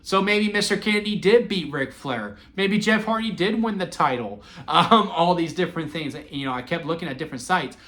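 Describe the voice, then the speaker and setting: A man in his twenties telling wrestling memories in a casual, sentimental vlog, excitable and full of fillers and restarts. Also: sits high, a little fast, few pauses. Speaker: wrestling vlogger. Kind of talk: casual rambling storytelling.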